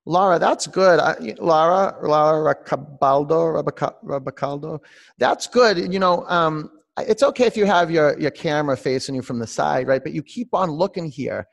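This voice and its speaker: A man whose voice is a little high, with vocal fry, teaches a guided yoga class online at normal speed. He combines peaceful meditative coaching with direct instructions and addresses students by name.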